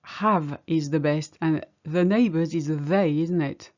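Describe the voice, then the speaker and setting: A woman's voice: deep voice, a little slow, darkish tone, lo-fi sound. A woman teaching a language lesson, patiently explaining each example step by step. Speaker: French teacher.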